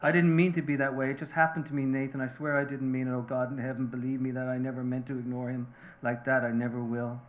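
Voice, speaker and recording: A man reading the part of a remorseful Irish-American mother, a seamstress, confessing earnestly and haltingly to her husband. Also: medium pitch, little pitch movement, muffled recording, close to an everyday voice.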